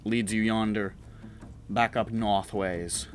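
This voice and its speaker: A man's voice: lowish voice, steady tone, slow pace. A man narrating a tabletop game as game master, casual and profane with frequent laughs.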